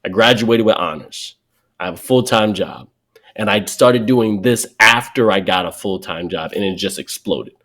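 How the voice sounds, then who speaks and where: A man's voice: lowish voice, normal speed. A man, a comedian telling stories as a podcast guest, acting out the people he quotes. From New York. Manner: lively, acts out quoted people. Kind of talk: animated podcast storytelling.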